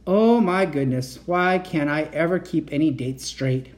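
A man's voice: unhurried, natural voice. A man reading a children's book aloud, voicing a flustered, absent-minded uncle inventor in a raised, fussy, apologetic voice. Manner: fussy, apologetic, higher than the reader's own voice.

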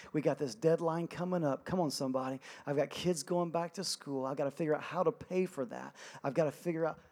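Middle-aged male pastor, high voice, energetic, self-mocking humor. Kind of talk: sermon.

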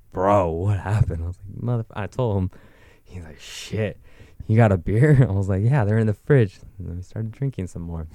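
A man's voice: low-pitched, dark tone, no echo. A young man telling a rambling, profane story in casual chat. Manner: profane, rambling, with frequent likes.

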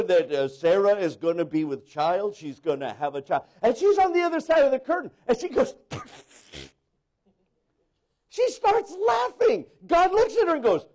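Male pastor, sermon, high voice, loud exclaiming then hushed asides. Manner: preaching with swings between loud exclaiming and hushed asides, acting out quoted voices.

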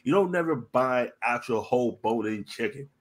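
Man, podcast co-host, lively swooping pitch, profane storytelling, casual chat. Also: moderate pace. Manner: animated, profane storytelling with quoted asides.

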